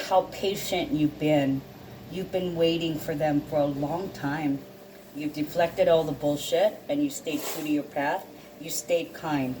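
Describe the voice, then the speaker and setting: Deep-voiced and teary, an intuitive card reader chats through a casual tarot reading for her viewers against a noisy background. She's emotional and sniffling, yet laughs often and doesn't hold back on swearing.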